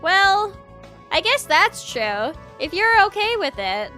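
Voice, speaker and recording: A woman voicing a shy, earnest young male bird classmate, speaking politely and haltingly in a game read-aloud. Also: very high-pitched, very animated, pushed and bright, soft background music, voice pushed up, heavily acted.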